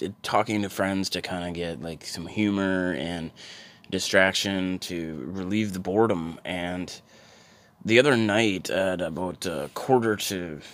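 This is a man with a deep, low voice talking alone into his podcast mic. He meanders from story to story in a loose, casual way. His humor is crude and sarcastic, delivered with a dry, deadpan touch. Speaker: solo podcaster. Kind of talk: rambling casual monologue.

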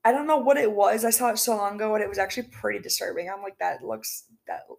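A woman's voice: mid-range voice, rapid-fire, gravelly. A young woman co-hosting a casual podcast at home, rambling and giggly with lots of fillers and restarts. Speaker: podcast co-host. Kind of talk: casual chat.

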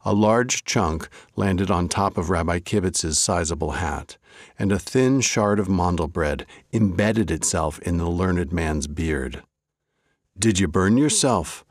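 A male host narrating a folk tale with a deep, slow voice. His pitch rises and falls expressively in a wry, measured storytelling manner. The recording is close and dry. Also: no room sound.

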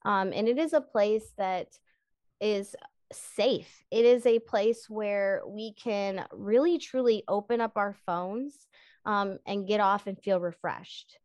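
A woman's voice: medium pitch, takes it slowly, a little mellow, dry recording, highs cut off. A woman hosting a casual faith-based podcast, introducing her guests in an enthusiastic, gushing way. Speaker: podcast host.

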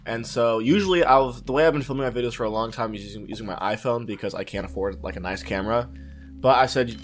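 An excitable young man talks about his videos as a podcast guest. He swears casually and often trips over his own sentence starts. Faint music plays under his voice. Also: medium pitch, quick pace. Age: young adult. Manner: excitable, swearing, many restarts. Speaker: guest YouTuber.

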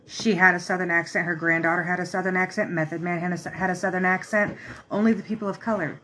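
A woman's voice: lowish voice, steady tone, fast, fairly bright tone, a little hiss or hum. Blunt, opinionated woman co-host. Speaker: podcast co-host. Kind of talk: casual chat.

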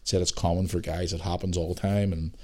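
Northern irish guy rambling thru a story on his podcast, bit of a low voice, swears a bit. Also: a little fast. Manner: animated storyteller, swears mildly, acts out voices in anecdotes. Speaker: podcast host. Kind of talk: casual storytelling monologue.

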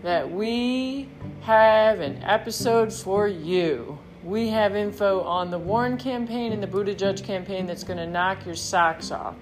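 A woman hosting her own podcast in a rambling, excitable monologue, swearing freely. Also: medium pitch, measured pace, soft background music. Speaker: podcast host. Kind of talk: casual monologue.

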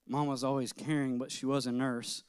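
A man's voice: medium pitch, level tone, moderate pace, clean tone, no room sound, studio quality. A middle-aged man, a pastor, preaching a sermon in an earnest, personal way, telling childhood stories with light laughter.

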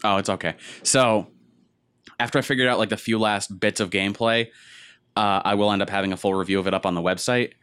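A man with a fairly low, clean and resonant voice hosts a loose gaming chat. He rambles through his anecdotes and acts out what other people said along the way. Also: steady tone, quick pace, fairly bright tone, clean tone. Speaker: podcast co-host.

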